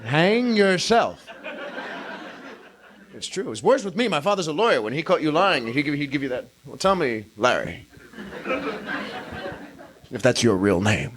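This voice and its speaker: A man in his thirties performing a live stand-up routine, with an animated, exaggerated delivery and acted-out quotes. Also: on the high side, fast, few pauses. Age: 30s. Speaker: stand-up comedian. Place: comedy club stage with audience. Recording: hissy early-1980s live club recording.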